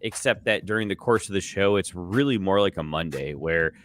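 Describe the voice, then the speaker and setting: A man's voice: low-pitched, a little fast, a bit bright, slight background noise. A man co-hosting a beer podcast, talking loosely, swearing and laughing. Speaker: podcast co-host. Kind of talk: casual beer podcast banter.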